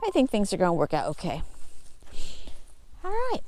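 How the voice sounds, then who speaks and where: A woman's voice: fairly low pitch, huge pitch swings, racing, dark tone, a little hiss or hum. A woman vlogging outdoors in her farmyard, explaining her chores in a casual, easygoing way as she goes. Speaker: homesteading vlogger. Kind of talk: casual walk-and-talk narration.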